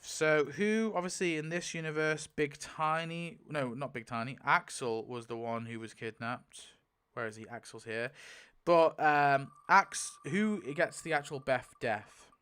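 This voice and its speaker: A man's voice: fairly high pitch, fairly bright tone, clear, resonant tone. A young man giving casual commentary as he spins a wheel to pick story outcomes, rambling with lots of filler and frequent swearing. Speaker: video creator.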